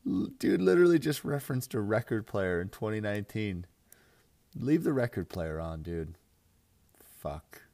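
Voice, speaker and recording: A man's voice: on the low side, very animated, normal speed, vocal fry, mellow. Crude, laughing young man on a podcast. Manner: crude, joking, mocking, frequent laughs and filler "like"; mimics others in exaggerated voices. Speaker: fantasy football podcast host. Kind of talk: casual profane podcast rant.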